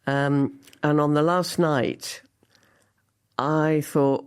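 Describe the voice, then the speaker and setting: Older woman telling lively anecdotes. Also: deep voice, extremely slow, clean tone. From Liverpool, England. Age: 70s. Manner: lively storyteller, acts out her own past thoughts. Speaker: guest actress. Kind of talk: anecdotal interview chat.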